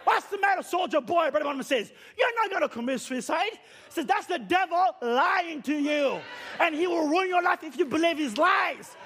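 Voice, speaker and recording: A man preaching a fiery sermon, shouting repeated rhetorical questions and dropping to quiet low passages. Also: animated, moderate pace, hardly any pauses, some chatter behind, a little hiss or hum.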